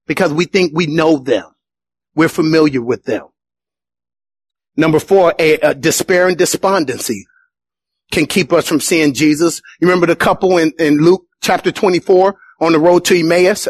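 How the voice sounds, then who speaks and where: A man preaching a sermon as pastor, animated, acting out the voices of the people in his stories. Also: sits high, dry recording.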